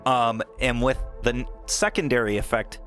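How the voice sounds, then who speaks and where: A man's voice: medium pitch, moderate pace, fairly bright tone, faint music behind. A man narrating a tabletop game as dungeon master, casual and laughing often, with many fillers.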